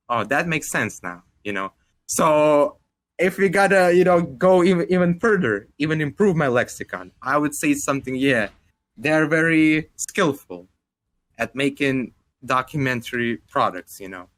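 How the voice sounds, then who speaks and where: A man's voice: on the high side, normal speed, fairly bright tone. A young man in his twenties with a Russian accent, co-hosting a casual podcast chat. He rambles, leans on "like" a lot and swears casually. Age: 20s. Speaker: podcast co-host.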